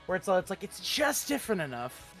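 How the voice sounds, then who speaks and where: A man chatting with his tabletop group, quick with a crude joke. His voice is high and swings widely in pitch. Faint music runs behind him. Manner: joking, crude, lively delivery. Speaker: player. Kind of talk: casual chat.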